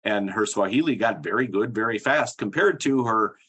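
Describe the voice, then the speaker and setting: Halting middle-aged man, low voice. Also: fairly bright tone, breathy edge. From Minnesota. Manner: hesitant, many fillers and restarts. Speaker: guest, psycholinguistics professor. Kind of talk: explanatory interview talk.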